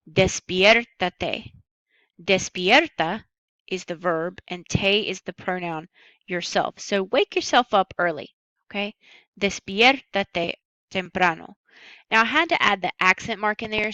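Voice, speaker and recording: A woman teaching a recorded language lesson, patient and upbeat, slowing down carefully on each Spanish word. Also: medium pitch, sharp tone, no room sound, low-quality recording. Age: adult.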